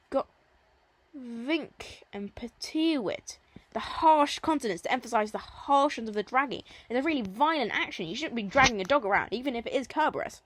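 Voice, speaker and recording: A woman teaching a recorded Latin lesson, reading verse lines slowly and then explaining them in plain, chatty terms. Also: a little high, expressive, no echo.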